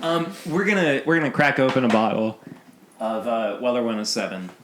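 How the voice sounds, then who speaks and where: A man's voice: mid-range voice, fairly quick, background noise. A man hosting a casual bourbon podcast, talking loosely and laughing often. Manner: rambling, laughs often, restarts. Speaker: podcast host. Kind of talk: casual chat.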